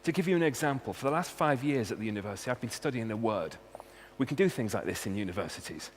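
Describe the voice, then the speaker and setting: A man's voice: medium pitch, lively intonation, fast talker. A man with a Welsh accent, a university researcher giving a humorous talk and hitting key words with punchy emphasis. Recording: long hall reverb, faint hum.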